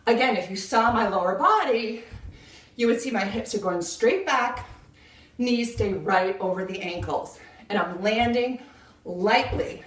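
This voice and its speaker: A woman's voice: on the high side, lively intonation, unhurried. Breathless upbeat woman coaching a workout. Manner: upbeat, counting reps, coaching cues. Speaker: fitness instructor. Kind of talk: home workout instruction. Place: home kitchen. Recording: echoey room, voice from a distance. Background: kitchen clicks, blender.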